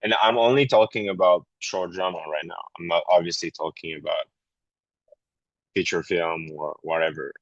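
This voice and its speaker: A man with a French accent, a guest actor chatting candidly on a podcast, often pausing to search for words in English. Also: low voice, fairly even intonation, dry recording, muffled recording. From France. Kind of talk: casual podcast conversation.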